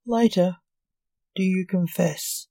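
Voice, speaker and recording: A woman voicing a stern male knight and executioner in a slow, dry storybook reading. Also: on the low side, dark tone, no room sound. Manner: grim, commanding.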